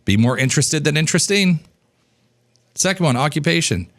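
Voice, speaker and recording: A man in his thirties teaching business coaching in an energetic, casual way, acting out snippets of dialogue and swearing now and then. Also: fairly quick, long pauses. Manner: animated, acts out dialogue in a higher voice, casual swearing.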